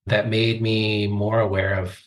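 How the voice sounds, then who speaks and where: A man's voice: on the low side, flat delivery, a little slow. A man in his forties, a coach, telling his life story as a podcast guest in a thoughtful, earnest way. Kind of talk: reflective interview talk.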